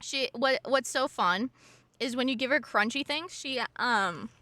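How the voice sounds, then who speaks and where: A woman's voice: on the high side, unhurried, bright, forceful tone, no echo. A woman streamer chatting casually and playfully, gushing about her dog and swearing now and then. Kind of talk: casual live-stream chat.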